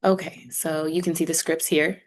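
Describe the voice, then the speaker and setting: A woman with a low voice talks a class through the course setup, step by step. She keeps it casual and upbeat, as if chatting with students on a video call. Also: level tone, normal speed. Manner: conversational, upbeat, explaining step by step. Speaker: instructor voice for a sign language course. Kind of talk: online class walkthrough.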